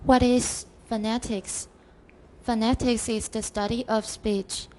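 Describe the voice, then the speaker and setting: A woman student in a classroom reading a textbook passage aloud, slowly and carefully, sometimes stopping to correct herself. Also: on the high side, flat delivery, darkish tone, slight background noise.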